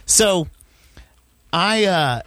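A man's voice: high voice, animated, extremely slow, fairly bright tone, dry recording. A man from Texas co-hosting a podcast, talking in a heated, profane rant. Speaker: podcast co-host. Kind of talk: casual podcast banter.

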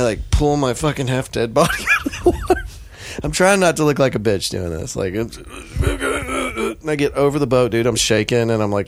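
On a podcast, an American man with a medium-pitched voice casually tells a story, animated and profane, acting out the voices of the people involved.

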